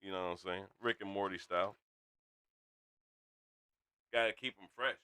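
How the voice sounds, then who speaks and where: A man hosting a casual livestream, loud and hyped, swearing freely as he chats to viewers from a home streaming setup. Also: deep voice, normal speed, clean tone. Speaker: stream host.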